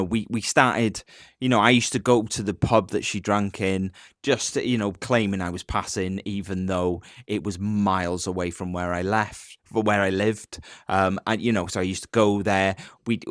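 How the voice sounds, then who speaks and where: A man's voice: lowish voice, steady tone, normal speed, dry recording, clean studio sound. A young man co-hosting a podcast, chatting casually with his partner. He rambles and cuts himself off, joking as he goes. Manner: rambling, self-interrupting, joking. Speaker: podcast co-host. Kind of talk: casual chat.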